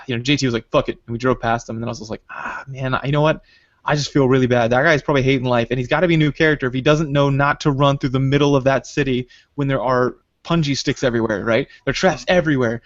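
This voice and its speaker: Fast-talking man telling a gaming story. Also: mid-range voice, no echo. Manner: animated retelling, acts out quoted dialogue. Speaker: podcast host. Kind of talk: casual storytelling chat. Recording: dull lo-fi dry podcast audio.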